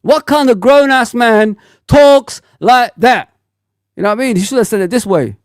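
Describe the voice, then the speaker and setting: A man in his forties hosting a fan livestream, talking bluntly in an animated, ranting way full of slang. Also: very high voice, moderate pace, no room sound, studio quality. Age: 40s. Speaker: football fan channel host. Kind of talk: casual livestream rant.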